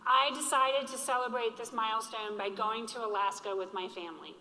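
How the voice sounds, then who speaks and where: A woman in her forties speaks earnestly from a stage, slowing down to stress her key lines. Her voice is bright and sits a little high. The sound is roomy, with a long hall reverb behind her. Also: steady tone. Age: 40s. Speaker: keynote speaker. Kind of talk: motivational conference speech. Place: large hall with an audience.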